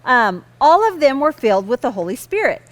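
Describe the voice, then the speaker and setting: A woman tells a Bible story to children in a high, animated voice. She stays patient and gently amused, steering the lesson back on course whenever it drifts. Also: fairly quick. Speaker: kids' lesson host and storyteller.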